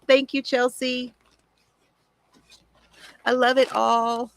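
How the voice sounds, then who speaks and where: Slow-talking gushing woman livestreamer. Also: sits high, level tone, gravelly, slight background noise. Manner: chatty, gushing, answers viewer comments. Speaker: crafting livestream host. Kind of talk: casual livestream chat.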